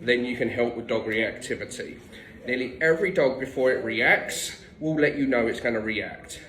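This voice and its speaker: A man's voice: medium pitch, normal speed, a bit bright, roomy sound, a little hiss or hum, rough recording. Blunt man giving dog training tips. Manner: blunt, no-nonsense, occasional swearing. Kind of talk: direct instructional tips.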